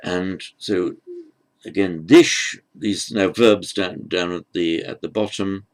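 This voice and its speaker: A slow, patient male teacher explaining grammar with a gravelly edge in his fairly low voice. He pauses, restarts and fills gaps with "um" as he works through examples. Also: fairly even intonation. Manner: patient, halting, with many restarts and fillers. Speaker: Sanskrit teacher. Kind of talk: unhurried grammar lecture.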